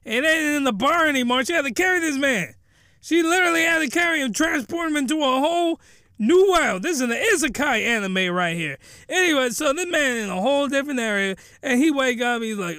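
A man with a very high, bright voice, rambling through a comedic anime recap and getting loudly incredulous. The recording is dry and close, with no room sound. He jokes constantly and digresses. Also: expressive, brisk, dry recording. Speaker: anime reviewer.

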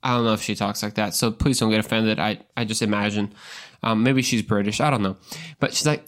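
A man's voice: on the low side, steady tone, fairly quick, fairly bright tone. A man giving a casual Bible talk, joking and conversational, often repeating words as he goes. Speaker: podcast preacher.

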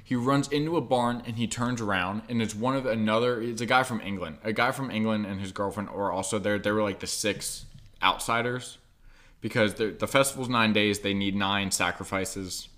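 A man's voice: on the low side, moderate pace, fairly bright tone. A young man co-hosting a podcast in casual chat, rambling and swearing, full of likes and ums. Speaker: podcast co-host.

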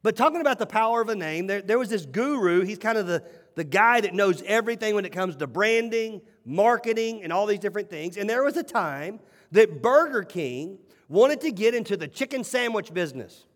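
High-voiced preacher man in a reverberant hall. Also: fairly quick. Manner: animated, emphatic storytelling with repeated phrases. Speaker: pastor. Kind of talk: sermon.

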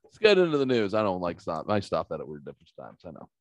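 A low-voiced man hosts a casual podcast, and he tells stories with plenty of swearing. He acts out what everyone said. The sound is close and dry, with no room around it. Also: quick pace, no room sound. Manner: animated, profane, acts out quotes. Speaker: podcast host. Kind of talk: casual storytelling chat.

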